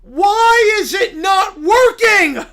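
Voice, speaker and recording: A woman voicing a furious male bear cult leader who shouts and wails melodramatically. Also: very high-pitched, animated, drawn-out words, pitched above the performer's own voice, heavily acted. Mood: despairing.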